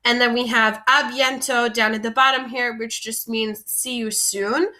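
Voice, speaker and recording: A woman's voice: on the high side, steady tone, moderate pace, bright, forceful tone. A woman teaching French vocabulary in a patient, explanatory lesson, often recapping and repeating terms.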